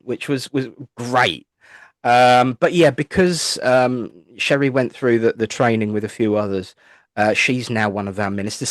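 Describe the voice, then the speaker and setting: A man's voice: mid-range voice, no room sound, studio quality. An English man with a chatty, rambling way of telling stories, a spiritualist minister answering interview questions and acting out the voices of people he quotes. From England. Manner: chatty, rambling anecdotes with playful asides; acts out voices when quoting people. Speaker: guest, spiritualist minister and medium. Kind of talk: interview, storytelling.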